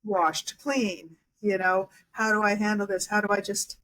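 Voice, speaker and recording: Female guest, hypnotherapist, mid-pitch, reflective and halting. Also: little pitch movement, fairly bright tone, low-quality recording. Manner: reflective, halting with many restarts and fillers. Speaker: guest hypnotherapist and life coach. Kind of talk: casual interview talk.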